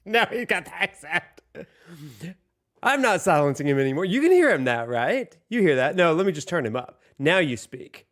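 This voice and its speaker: A man's voice: on the high side, big pitch swings, moderate pace, long pauses, a bit bright. A man hosting a casual livestream from home, joking, laughing often and chatting directly to his viewers. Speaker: livestream host.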